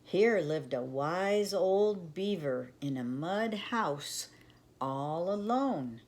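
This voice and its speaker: An older woman reading a children's story aloud, gentle and affectionate as she speaks to children. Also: on the low side, vocal fry.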